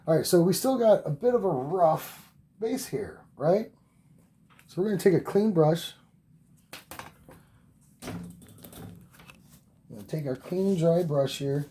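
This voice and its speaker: This man teaches oil painting in a relaxed tutorial, talking the viewer through each stroke with encouragement and plenty of repetition while sometimes moving off the mic. His fairly high, mellow voice has lively intonation, slow pacing and long pauses. Faint background noise is audible.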